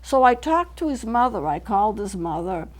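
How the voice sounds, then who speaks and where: A middle-aged woman counselor talks from a local TV studio. She explains each idea earnestly, going back over it so the point lands. Her voice sits at an ordinary middle pitch. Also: sing-song, normal speed. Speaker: counselor hosting a local TV show. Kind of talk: teaching talk to camera.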